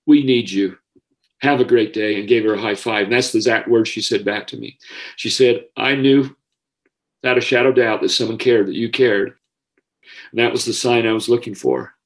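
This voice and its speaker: A middle-aged man, a school counselor, telling a personal story in an earnest, emotional way with halting restarts. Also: mid-range voice.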